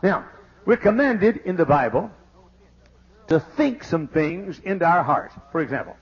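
Man preaching, high husky voice, fiery sermon, dull old tape sound. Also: big pitch swings, slow pace, long pauses. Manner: exclaiming, shouting praise. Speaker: pastor.

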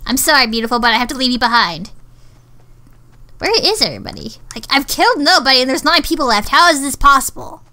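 A woman with a high, bright voice narrates her own game session under her breath. She talks to herself, swears, and sounds exasperated. It comes across like a home gaming recording. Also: expressive, fast talker. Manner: self-talking, swearing, exasperated. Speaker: gamer. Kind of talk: gameplay commentary.

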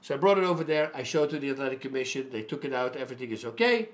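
A middle-aged man, a fighter, telling a personal story in an animated way that turns loud and emphatic. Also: medium pitch, very fast. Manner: animated, gets loud and emphatic when indignant.

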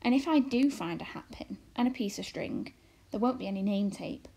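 A woman's voice: mid-range voice, animated, moderate pace, vocal fry, dark tone, slightly rough. A woman reading aloud and voicing a restless young borrower girl who speaks in an earnest, pleading way.

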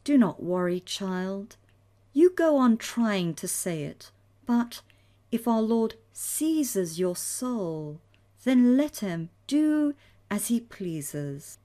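A woman voicing a kindly older male priest who speaks calmly and reassuringly in a softly lowered voice. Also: drawn-out words.

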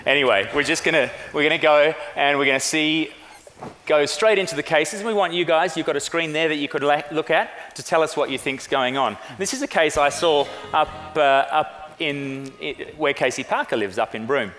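A man presenting a quiz on stage, relaxed and chatty with fillers. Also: on the high side, normal speed, long reverb tail, faint music behind. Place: large conference hall.

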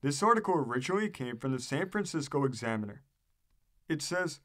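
A man with a middle-pitched voice reads an old newspaper article aloud. His delivery is steady and measured, narrating each scene plainly.

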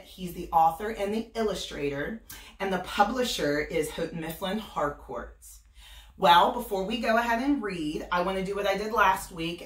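A woman teacher reading a picture book aloud to her students, gentle and encouraging. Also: lowish voice. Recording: roomy, voice from a distance.

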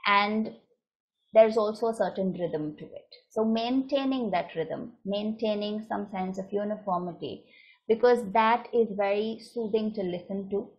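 A woman's voice: medium pitch, a little slow. A woman teaching a lesson on chanting, explaining patiently and often checking in with "right?". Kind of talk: recorded lecture with slides. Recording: muffled lo-fi recording.

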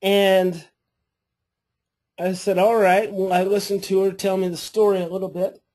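A man, an adoption coach and therapist, telling a story to his class in a lively way and acting out the people in it. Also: high-pitched, normal speed. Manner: animated storytelling, acts out quoted voices.

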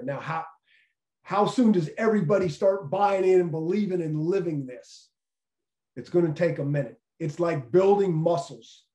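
Middle-aged man, former coach, speaking to a room about leadership: earnest and emphatic, fairly high voice, roomy echo. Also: mellow. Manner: earnest, repeats key phrases for emphasis. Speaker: former football coach giving a leadership talk. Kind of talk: motivational leadership talk. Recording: echoey room.

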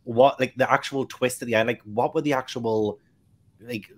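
A man's voice: mid-range voice, moderate pace. A man with a British accent chatting casually in a book club discussion, rambling with lots of fillers. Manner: rambling, filler-heavy and animated.

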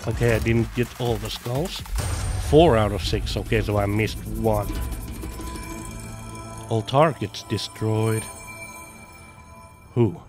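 A man giving casual let's-play commentary, calling out targets loudly and excitedly as he shoots. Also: fairly low pitch, moderate pace. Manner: loud excited callouts while shooting. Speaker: gameplay commentator. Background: game music.

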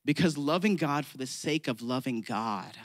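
Playful and conversational, this Californian pastor delivers a sermon to the church and performs mock prayers. His mid-range voice is animated, and his pace is moderate.

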